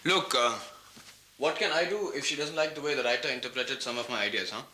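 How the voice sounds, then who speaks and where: Cocky flirtatious Indian film star. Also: male voice, medium pitch, a little fast, pushed and bright, slight background noise. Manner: breezy, mixes Hindi into English, chuckles. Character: cocky male film actor, flirtatious and boastful. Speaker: actor. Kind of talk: 1990s TV drama acting.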